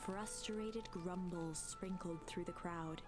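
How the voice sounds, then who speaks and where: A woman giving calm, measured scripted narration for a storybook game. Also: on the low side, faint music behind.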